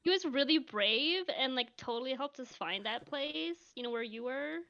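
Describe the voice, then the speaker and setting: A woman's voice: sits high, animated, normal speed, pushed and bright, lo-fi sound. A woman playing a tabletop game, talking in a bubbly, gushing way. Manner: bubbly, gushing, fond of 'like' and 'totally'. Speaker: player.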